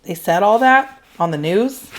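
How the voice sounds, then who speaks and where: A woman voicing an angry, hurting boy who speaks hard and sharp, a little higher than her narration. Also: lively intonation, unhurried, a little hiss or hum, natural voice. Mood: agitated.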